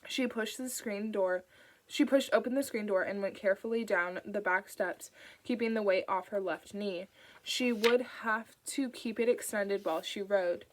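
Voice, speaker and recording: A woman's voice: mid-range voice, moderate pace, low-quality recording. Woman narrating an audiobook.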